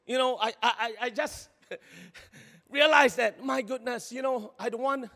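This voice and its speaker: A male pastor, preaching a sermon in an animated, exclaiming way, with many repeated words and sentence particles. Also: extremely high pitch, a little slow, gravelly, long reverb tail.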